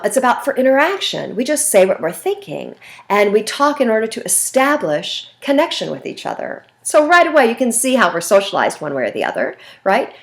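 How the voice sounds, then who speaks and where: A woman teaching a communication class in a recorded video lecture, expressive and talking with her hands, acting out everyday conversations. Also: mid-range voice. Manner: acts out phone calls in lively voices. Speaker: communication instructor.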